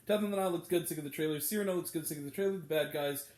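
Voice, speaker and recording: A man's voice: fairly high pitch, rapid-fire, a little mellow, echoey room. A man giving a blunt, exasperated, profane movie review as host of his own show. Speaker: film reviewer.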